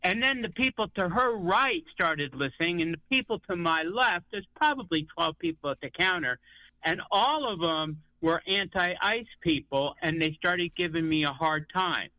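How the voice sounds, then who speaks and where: Male caller from Connecticut, storyteller, sharp bright voice, somewhat high. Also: animated, moderate pace, dry recording, poor audio. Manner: storytelling, acts out quoted people. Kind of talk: call-in radio chat.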